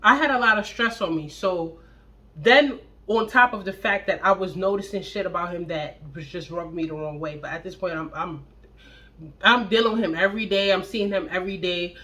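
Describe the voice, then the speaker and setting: A young adult woman telling a blunt, profane storytime about a relationship, with animated, acted-out quotes. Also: lowish voice, a little fast. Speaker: storytime vlogger. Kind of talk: casual storytime monologue.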